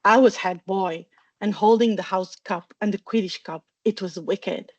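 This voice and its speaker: A woman's voice: mid-range voice, measured pace, a little mellow, no echo, highs cut off, lightly acted. A woman voicing a cheeky, boastful schoolboy wizard with casual banter in a storybook reading.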